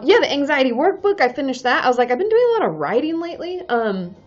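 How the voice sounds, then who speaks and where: A woman's voice: on the high side, muffled recording. A woman hosting a casual live stream as a therapist, reading viewer comments aloud and cheering them on in a bubbly, chatty way.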